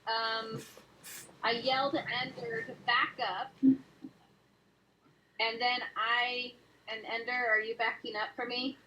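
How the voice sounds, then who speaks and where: A woman's voice: fairly high pitch, little pitch movement, slow pace, long pauses, pushed and bright, slight background noise, poor audio. A woman player in a tabletop game, hesitant as she checks the rules aloud.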